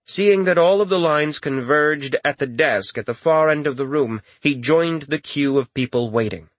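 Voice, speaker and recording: A man's voice: a little high, normal speed, no room sound. Man narrating a fantasy audiobook, wry. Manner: wry, expressive reading. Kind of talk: scripted narration.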